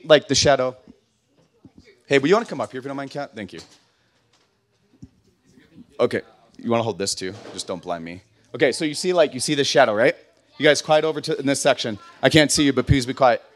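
A young man giving a casual sermon as a pastor, chatty and self-deprecating, full of likes and restarts, at times building to loud, slow, emphatic preaching. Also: medium pitch.

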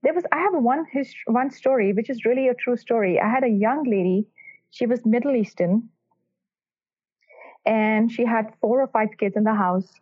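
A woman's voice: fairly high pitch, normal speed. Earnest woman doctor on a tinny line. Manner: earnest and emphatic, telling patient stories. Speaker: cardiac electrophysiologist guest. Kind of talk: podcast interview answers. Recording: tinny phone-line sound.

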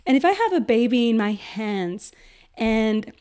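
Woman podcast host with a slightly high voice, earnest teaching manner, acts out examples. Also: lively intonation, moderate pace, a little mellow, clear, resonant tone. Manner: earnest, repeats words for emphasis, acts out quoted examples. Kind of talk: educational podcast talk.

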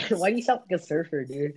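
A man's voice: fairly high pitch, expressive, fairly quick, breathy edge, poor audio. A young man hosting a casual podcast chat, rambling and laughing with many restarts. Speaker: podcast host.

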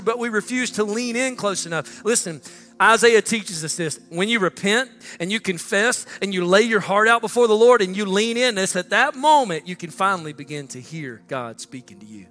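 A male pastor preaching a sermon, swinging between loud emphatic lines and hushed ones. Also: sits high, lively intonation, normal speed. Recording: long reverb with faint music.

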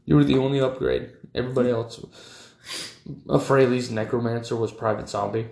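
Blunt, enthusiastic man, gravelly mid-pitched voice, casual gaming talk in a roomy space. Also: fairly even intonation, a little fast, a little mellow. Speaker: tabletop gaming podcast co-host. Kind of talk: casual banter about tabletop games. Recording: echoey room.

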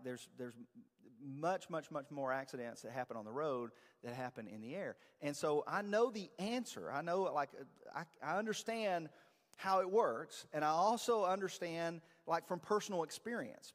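Conversational man preaching in a reverberant church. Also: on the high side. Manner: conversational, self-deprecating, animated. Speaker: pastor. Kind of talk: sermon. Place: church sanctuary.

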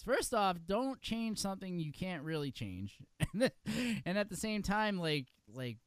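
A man's voice: sits high, big pitch swings, unhurried, fairly bright tone, clean tone, no room sound. A man co-hosting a podcast in casual chat, talking in a rambling way with many fillers and laughs. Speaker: podcast co-host.

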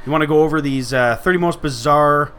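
A man hosting a conversational podcast, laughing often, swearing freely and telling stories loudly. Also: on the high side, fast, slight background noise. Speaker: podcast host. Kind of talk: casual chat.

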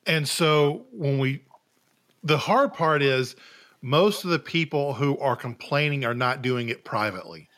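A man's voice: mid-range voice, animated, a little slow, a bit bright. A man hosting a casual podcast conversation, talking thoughtfully and asking his guest questions. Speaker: podcast host.

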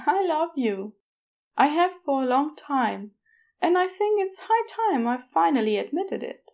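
A gentle male angel with a soft, earnest tenderness, as a woman puts him on in a podfic. His voice sits noticeably higher than the narration and moves along unhurriedly. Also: very animated, unhurried, full character voice. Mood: tender. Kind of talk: podfic reading.

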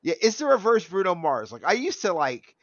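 A man's voice: sits high, very animated, fairly quick, no room sound, dull audio. A man in his thirties in casual chat, rambling and laughing often. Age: 30s.

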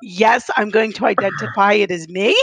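A woman's voice: mid-range voice, normal speed, fairly bright tone, breathy edge. A woman co-hosting a podcast in casual chat, telling stories candidly and rambling, with laughs and moments where she is close to tears. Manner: emotional, close to tears when recounting. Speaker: podcast co-host.

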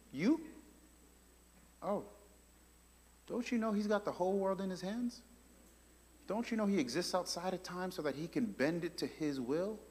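A man preaching a sermon in a conversational style that swings from loud to hushed. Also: high-pitched, in a large hall.

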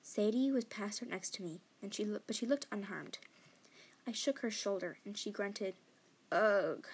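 A woman reading a novel aloud in first person, expressive and sometimes dropping to a whisper. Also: mid-range voice, normal speed, slight background noise. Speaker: audiobook reader. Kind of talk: fan audiobook narration.

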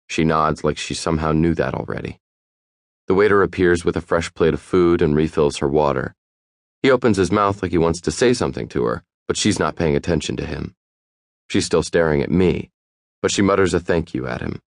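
A man narrating a first-person audiobook in a wry, even storytelling manner. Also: rumbling low, normal speed, vocal fry, no room sound, studio quality.

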